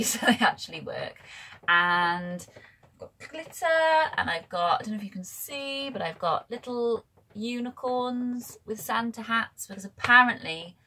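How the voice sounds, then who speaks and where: A woman's voice: mid-range voice, bright, forceful tone, a little hiss or hum. A woman chatting to camera as a book vlogger, rambling and correcting herself as she goes. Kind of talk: casual chat to camera.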